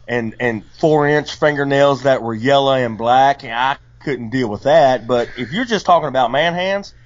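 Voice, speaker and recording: A man's voice: mid-range voice, normal speed. A man co-hosting a podcast in casual banter, laid-back and laughing easily. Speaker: podcast co-host. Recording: dull lo-fi podcast audio.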